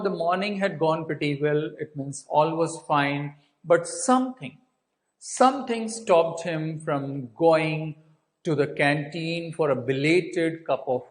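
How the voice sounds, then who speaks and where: A man's voice: fairly high pitch, low-quality recording. A man with an Indian English accent teaching a class, explaining a story by asking questions and then answering them himself. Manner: asks and answers his own questions; restates points, fills with uh and so. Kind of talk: explaining a textbook story to students.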